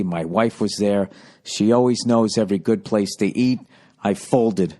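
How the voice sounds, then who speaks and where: A man hosting a comedy podcast tells a profane story that pokes fun at himself in a casual monologue. His delivery swings between low mumbling and loud outbursts.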